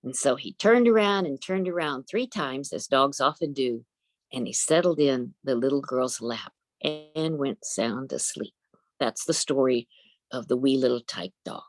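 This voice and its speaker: A woman storyteller telling a folk tale in a gentle, folksy way over a video call. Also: extremely low pitch, a little slow, dry recording. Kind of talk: oral storytelling.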